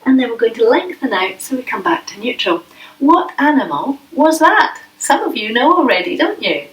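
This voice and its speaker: A woman leading a yoga class for children, speaking gently and playfully with coaxing questions. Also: sits high, expressive, normal speed. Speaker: yoga teacher. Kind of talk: guided kids' yoga class. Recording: echoey room, voice from a distance.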